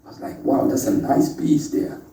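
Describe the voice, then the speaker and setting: A man's voice: normal speed, mellow. Playful man lecturing in an echoey room. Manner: playful, chatty, calls out to the audience. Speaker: speaker at a spiritual workshop. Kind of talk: informal lecture to a live group. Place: indoor meeting room with an audience. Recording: echoey room, voice from a distant mic.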